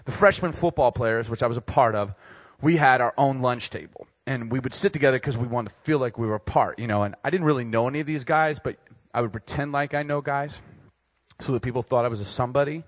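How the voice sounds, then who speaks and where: A man's voice: mid-range voice, quick pace, dry recording. A man preaching a sermon, telling a funny, self-deprecating story about himself and laughing along. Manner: animated, self-deprecating, laughs at his own jokes.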